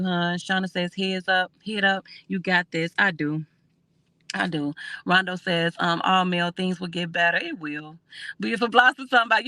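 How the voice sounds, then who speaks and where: A woman, hosting a casual livestream and answering viewer comments in a soft, conversational way. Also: fairly low pitch, no echo. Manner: reads out comments and answers them warmly, with fillers. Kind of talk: casual emotional livestream chat.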